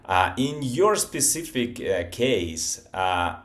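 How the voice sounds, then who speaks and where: A male podcast host who speaks very slowly and hesitantly, often pausing on "uh" as he builds his questions. His voice sits fairly low. He sounds like he is working out each question as he goes. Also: sing-song, fairly bright tone. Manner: halting, with frequent "uh" fillers and restarts. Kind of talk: interview questions.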